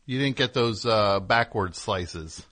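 A man's voice: on the low side, takes it slowly, fairly bright tone. A man hosting a call-in radio show, talking in a sardonic, rambling, mock-indignant way. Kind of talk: casual call-in radio talk.

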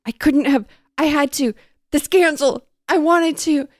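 A woman reading aloud and voicing a guilty young groom who shouts and pleads in panic. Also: sits high, takes it slowly, no room sound, clean studio sound, pitched above the performer's own voice. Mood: panicked. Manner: screaming, frantic.

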